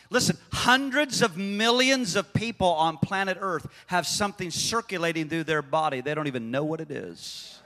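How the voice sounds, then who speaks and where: A man preaching a sermon, swinging from hushed asides to shouted proclamations. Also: sits high, big-room sound. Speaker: pastor.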